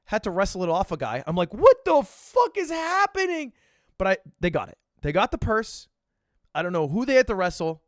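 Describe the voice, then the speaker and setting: Man in his twenties, high lively voice, casual storytelling, swearing, dry sound. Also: fast, no room sound. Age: 20s. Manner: animated, swearing, sudden loud laughs and bursts. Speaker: streamer telling a story.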